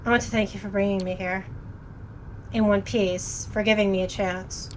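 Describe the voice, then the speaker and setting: A woman's voice: mid-range voice, fairly even intonation, normal speed, a little hiss or hum, lightly acted, low-quality recording. A woman voicing an earnest, newly turned young vampire in a game read-through, in a plain, sincere way.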